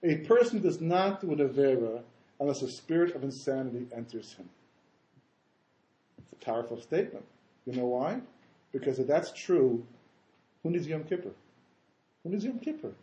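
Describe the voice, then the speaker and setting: Man, rabbi, Torah lecture, animated, rhetorical questions, dark mellow timbre, roomy echo. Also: medium pitch, moderate pace, long pauses, muffled recording. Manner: animated, acts out voices in quotes, rhetorical questions.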